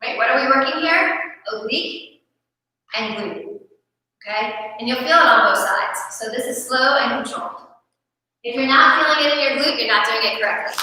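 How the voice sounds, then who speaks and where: A woman's voice: sits high, bright, forceful tone. A woman fitness instructor leading a guided workout, cueing moves and counting out reps in an upbeat way. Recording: echoey room from far off.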